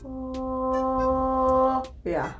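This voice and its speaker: A woman's voice: high-pitched, completely flat delivery, very slow. A young woman vlogger chatting playfully through a makeup tutorial, with self-mocking asides. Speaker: beauty vlogger. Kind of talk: casual makeup tutorial chat. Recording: echoey room with background music.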